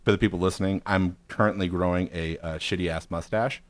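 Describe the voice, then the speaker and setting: A man's voice: low-pitched, steady tone, fairly quick, no room sound. A man in his forties telling a rambling, profane, self-mocking story on a podcast. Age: 40s. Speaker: podcast co-host. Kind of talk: casual storytelling.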